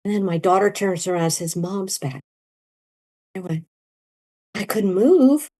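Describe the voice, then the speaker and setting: A middle-aged woman telling her story in an interview, animated and leaping into high quoted voices. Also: normal speed. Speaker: guest, near-death experiencer.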